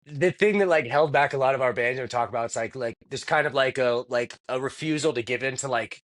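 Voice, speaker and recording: A man's voice: medium pitch, a little fast, fairly bright tone. A man co-hosting a casual podcast chat, rambling with frequent fillers, restarts and casual swearing. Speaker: podcast co-host.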